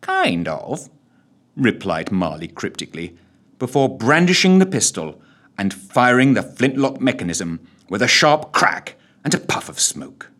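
A man narrating a scripted audio story with a theatrical, wry, very animated delivery and a husky voice. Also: on the low side, moderate pace.

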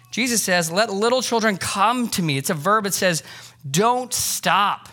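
A man preaching a sermon in a church, reading scripture and then talking in a casual, energetic, conversational way with many fillers. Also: sits high, moderate pace. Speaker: pastor. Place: church sanctuary.

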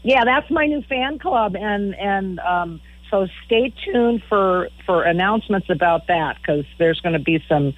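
A woman's voice: low-pitched, no room sound. A middle-aged woman, a musician guest on a radio interview, telling stories frankly and often repeating words as she talks. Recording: phone-line audio.

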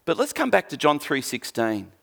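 A man's voice: on the high side, wildly swooping pitch, normal speed, creaky, fairly bright tone. A man preaching a sermon in church, conversational and jokey, often restarting his sentences. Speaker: pastor.

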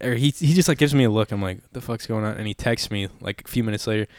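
A man's voice: on the low side, fast talker, a little mellow, no echo, studio quality. A young man in casual chat, telling a rambling, profane story and acting out the quotes.

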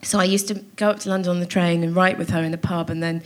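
A woman's voice: on the low side, little pitch movement, fast talker. Dry self-mocking woman. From Wales. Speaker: comedian guest. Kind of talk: live comedy interview. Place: theatre stage before a live audience.

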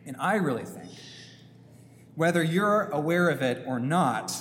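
A man preaching a sermon as a priest in a church, slow and emphatic, posing rhetorical questions. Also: on the high side. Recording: long church reverb, faint hum.

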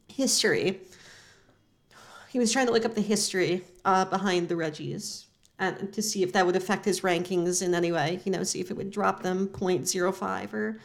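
Deadpan rambling woman podcast co-host. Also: medium pitch, vocal fry. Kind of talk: deadpan comedic podcast chat.

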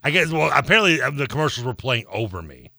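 A man co-hosting sports radio in loose, casual banter, rambling and restarting his thoughts as he talks. His voice sits a bit low but swings widely in pitch and has a bright edge. It is close-miked and dry in a studio. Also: sing-song, fast talker, gravelly, dry recording. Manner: rambling, self-interrupting, laughs easily.

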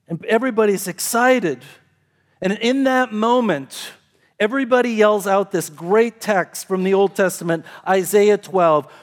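A man's voice: high voice, a bit bright. A man preaching a sermon as a pastor, telling a scripture story in a conversational way with rising and falling emphasis.

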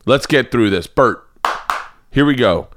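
A man's voice: medium pitch, measured pace, a little hiss or hum. A man from the American South hosting a podcast, rambling and swearing in casual comedic chat. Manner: profane, rambling, animated. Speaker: podcast host.

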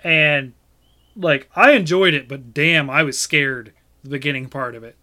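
A man hosting a podcast in casual chat, rambling with many pauses and restarts. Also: on the high side, pushed and bright. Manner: rambling, lots of fillers and restarts. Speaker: podcast host.

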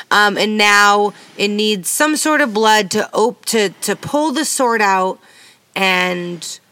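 A woman co-hosting a podcast, chatting loosely through a TV recap in a bright, clear voice. She quotes the characters and drops the odd swear word. The sound is dry and close. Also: medium pitch, no room sound. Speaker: podcast co-host. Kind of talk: casual recap chat.

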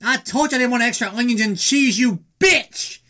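A man voicing a panicked boxer with an upset stomach, whining in a shrill, raised voice. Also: moderate pace, sharp tone.

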